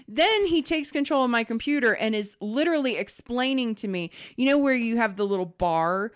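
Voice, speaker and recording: A woman's voice: fairly high pitch, normal speed, hardly any pauses, clean tone. A woman co-hosting a podcast, chatting casually and acting out the voices in her story. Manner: animated storyteller, acts out dialogue in other voices. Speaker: podcast co-host.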